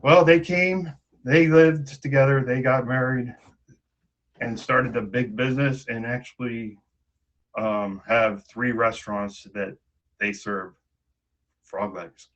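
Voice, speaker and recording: A man telling a fairy tale in a casual, halting way, often repeating words, on a dull lo-fi recording. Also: medium pitch, fairly even intonation, fairly bright tone. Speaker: storyteller.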